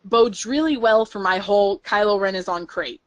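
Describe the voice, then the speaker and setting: A woman's voice: medium pitch, moderate pace. Chatty young woman podcast host. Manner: excitable, chatty, frequent fillers. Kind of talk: casual podcast chat.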